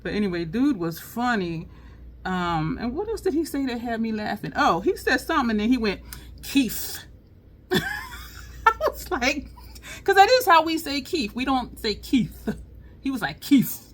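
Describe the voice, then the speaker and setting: A woman chatting casually while doing her makeup, telling a funny story with lots of laughter. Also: normal speed. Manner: chatty, laughing storyteller, lively swings in pitch. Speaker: beauty vlogger. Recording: faint background noise.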